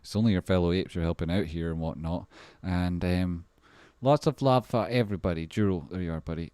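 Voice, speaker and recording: Deep-voiced excitable man. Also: fairly quick, few pauses, smooth, no room sound. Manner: swears freely, rambling and excitable. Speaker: livestream host. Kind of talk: casual livestream chat.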